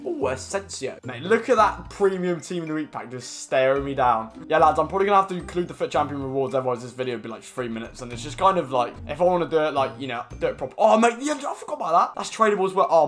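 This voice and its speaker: A man's voice: fairly high pitch, a bit bright. A young man giving casual, slangy pack-opening commentary as a gaming YouTuber, rambling with lots of fillers.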